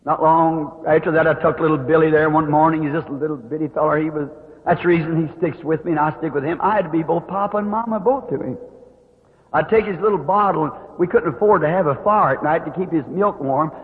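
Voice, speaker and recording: A man preaching an emotional testimony, pleading and rising to high cries. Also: fairly even intonation, fast talker. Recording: tinny old lo-fi recording in a reverberant hall.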